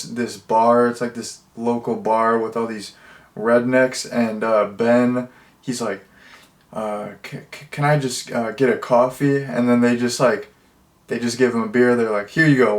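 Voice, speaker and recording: A man giving a casual, rambling movie review, full of fillers and jokey deadpan asides. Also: medium pitch, roomy sound.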